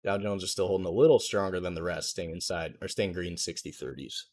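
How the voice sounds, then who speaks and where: A young man hosting a live trading stream, talking casually through charts in a relaxed, jargon-heavy, think-aloud way. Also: low voice, brisk. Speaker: trading livestream host. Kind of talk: casual live market commentary.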